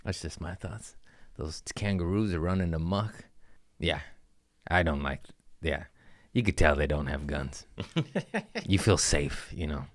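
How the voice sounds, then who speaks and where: A man's voice: rumbling low, a little slow, pauses often, no echo, studio quality. A man hosting a comedy podcast, rambling through crude, jokey stories in a casual monologue.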